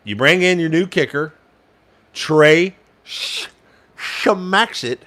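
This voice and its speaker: A man's voice: a little high, lively intonation, slow pace, bright, forceful tone. A young man giving casual fan play-by-play commentary, frustrated and ranting at the play calling, sometimes swearing.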